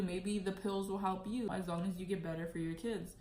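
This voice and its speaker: A woman's voice: medium pitch, steady tone, normal speed, gravelly. A young woman vlogger telling a personal story candidly, with a lot of "like". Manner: candid, heavy use of "like". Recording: echoey room, faint noise.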